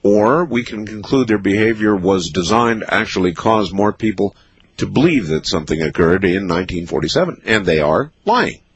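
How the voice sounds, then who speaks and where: A man hosting a late-night call-in radio show, talking in a dry, skeptical, measured way. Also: on the low side, animated, breathy edge, no room sound, muffled recording. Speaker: radio talk show host. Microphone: studio microphone.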